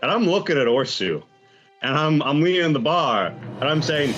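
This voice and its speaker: A man's voice: a little high, expressive, normal speed, fairly bright tone. A man playing in a tabletop role-playing game, talking casually and profanely, on slightly dull audio with faint music. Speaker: player.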